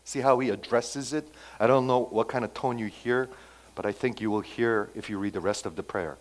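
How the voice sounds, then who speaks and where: A man preaching an expository sermon in an animated way, swinging between loud emphasis and soft asides and asking rhetorical questions. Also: mid-range voice, moderate pace, rough recording.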